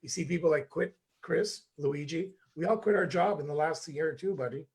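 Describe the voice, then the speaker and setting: Canadian male co-host, high gravelly voice, emphatic livestream hype. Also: a little fast. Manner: animated, emphatic. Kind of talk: enthusiastic livestream pep talk.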